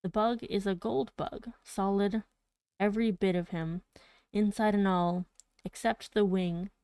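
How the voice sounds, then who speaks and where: A stubborn male servant who drags out his words and insists on his point, read by a woman in a storybook voice. Her tone is mellow and warm, and the sound is dry and close. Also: mid-range voice, steady tone, smooth, no room sound, lightly acted. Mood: insistent. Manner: slow, emphatic.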